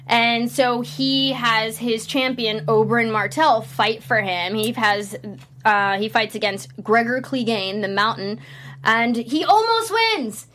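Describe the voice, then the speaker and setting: A woman co-hosting a casual podcast, recapping a TV series with animated enthusiasm. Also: a little high, measured pace, a little hiss or hum. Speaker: podcast co-host.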